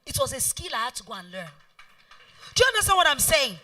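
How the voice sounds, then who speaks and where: A woman's voice: high voice, sing-song, fast, pushed and bright. A middle-aged woman with a Nigerian accent, an event planner giving a motivational talk, emphatic and fond of repeating key phrases. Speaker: event planner and guest speaker. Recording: voice heard from far off.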